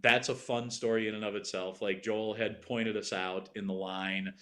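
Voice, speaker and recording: A man's voice: lowish voice, fairly even intonation, normal speed, bright, forceful tone. A middle-aged man, a TV writer appearing as a podcast guest, telling a comedic story in a rambling way, full of "like" fillers and swearing. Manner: rambling anecdotal delivery full of "like" fillers and profanity.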